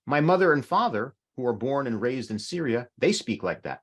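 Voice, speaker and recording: A man's voice: mid-range voice, sing-song, moderate pace. Middle-aged guy teaching a class on a video call, voice goes up and down a lot, patient. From North America. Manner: patient, explains with examples. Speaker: language teacher.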